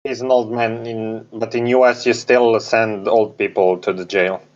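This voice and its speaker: Halting man on a dull, lo-fi mic. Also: fairly low pitch, little pitch movement. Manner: halting, slightly non-native phrasing, dry irony. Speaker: podcast co-host. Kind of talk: casual chat.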